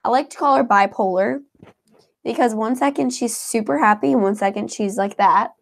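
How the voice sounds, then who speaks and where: Chatty woman with vocal fry. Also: on the high side, normal speed. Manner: chatty, heavy on filler words like "like" and "um". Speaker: co-host reading viewer comments. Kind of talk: casual live chat.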